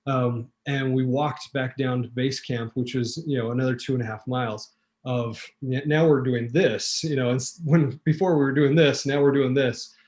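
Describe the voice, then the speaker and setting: A man's voice: mid-range voice, moderate pace. A man telling a vivid personal story as a talk show guest, acting out quotes, with fillers and restarts. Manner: animated storyteller, acts out quotes.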